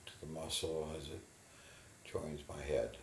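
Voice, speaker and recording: A man in a guided imagery therapy session, slowly and haltingly describing what he feels in his body. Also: extremely low pitch, roomy sound, a little hiss or hum. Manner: slow, halting, inward reporting of body sensations. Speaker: therapy client.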